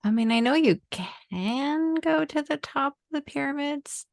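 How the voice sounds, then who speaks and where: A woman co-hosting a casual podcast chat, laid-back and quick to agree. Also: sits high, lively intonation, creaky, dry recording. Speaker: podcast co-host.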